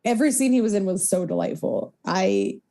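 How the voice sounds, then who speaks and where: A woman's voice: medium pitch, wildly swooping pitch, brisk, creaky, warm tone. A young woman co-hosting a podcast, chatting casually, laughing often and acting out quotes. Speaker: podcast co-host. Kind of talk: casual chat.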